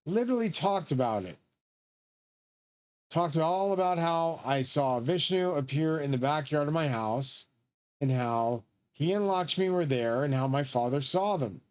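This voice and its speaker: A man's voice: a little high, lively intonation, measured pace, darkish tone, dull audio. A man streaming a shooter game, rambling on in a profane, grandiose way. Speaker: livestreamer playing a shooter game. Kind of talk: rambling live-stream chat.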